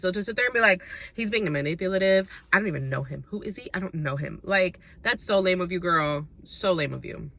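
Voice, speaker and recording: A young woman with a bright, forward voice gives a casual recap of a reality dating show. She is chatty and sassy, with plenty of blunt opinions and asides. Her pitch sits in the middle of the usual range. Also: dry recording.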